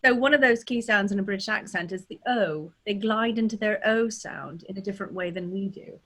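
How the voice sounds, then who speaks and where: A woman's voice: mid-range voice, a little fast, a bit bright. Woman dialect coach explaining sounds. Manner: demonstrative, talks through sounds step by step. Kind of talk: casual teaching chat.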